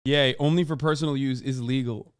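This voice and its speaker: A man's voice: medium pitch, steady tone, a little fast, clear, resonant tone, no room sound, studio quality. A young man streaming, reacting to clips with sarcastic, profane commentary and bursts of laughter. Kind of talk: casual livestream commentary.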